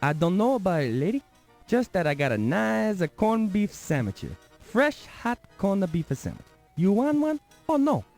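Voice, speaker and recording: A man's voice: high-pitched, wildly swooping pitch, normal speed, gravelly, darkish tone, full character voice. A grumpy Italian sandwich vendor from a 1990s adventure game, hawking his wares in broken grammar with a thick accent. His voice swoops widely up and down, with faint music underneath. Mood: pushy. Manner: pushy hawking sales patter. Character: pushy, grumpy male street sandwich vendor.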